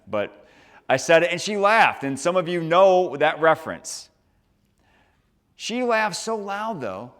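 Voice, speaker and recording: A man with a slightly raised pitch gives an upbeat motivational talk and keeps asking the students questions. His voice carries a long reverb, as if he is speaking in a large school hall. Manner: lively, upbeat, asks the audience questions.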